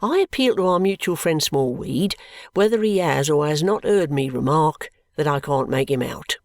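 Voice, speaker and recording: A reader voicing a scheming, sentimental young male law clerk who talks in a confiding, often hushed and whispery way. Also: mid-range voice, expressive, normal speed, no room sound, natural voice.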